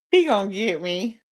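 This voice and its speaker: Chatty slangy woman livestreaming from bed. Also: medium pitch. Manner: chatty, slangy, laughs often. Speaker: livestreamer reading chat. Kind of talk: casual live-stream chat. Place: her bed under blankets. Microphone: phone.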